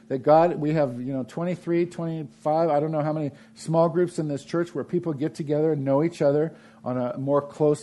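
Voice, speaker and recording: A man preaching a sermon in a church, emphatic and repeating phrases, swinging between loud and soft delivery. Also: on the high side. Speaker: pastor.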